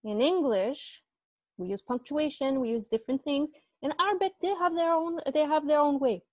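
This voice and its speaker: Teacher, female, higher-pitched voice, online class, patient step-by-step explainer, dry close sound. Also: moderate pace, dry recording. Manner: patient, explains step by step, asks students questions. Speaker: Arabic grammar teacher. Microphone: earbuds.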